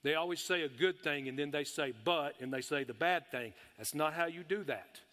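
Man, middle-aged, sermon, excitable, folksy, reverberant church hall. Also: on the high side, normal speed. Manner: excitable, folksy, shouts bursts of praise. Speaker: preacher.

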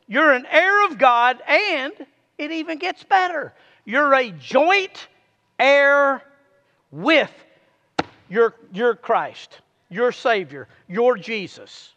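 A man's voice: very high voice, expressive, slow, sharp tone, big-room sound, dull audio. A man preaching a sermon, urging his listeners to repeat lines back to him.

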